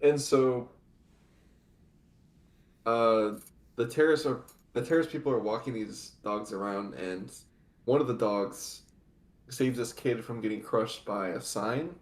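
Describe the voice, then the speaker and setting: A man's voice: mid-range voice, measured pace, pauses often. A man co-hosting a casual anime podcast, recapping the plot in long rambling run-on sentences. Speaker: podcast co-host. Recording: echoey room.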